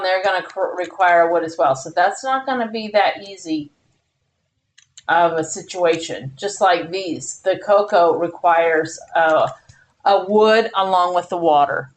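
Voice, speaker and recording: A woman streaming a game live, chatty and animated, exclaiming as she plays. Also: medium pitch. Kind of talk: live gameplay commentary.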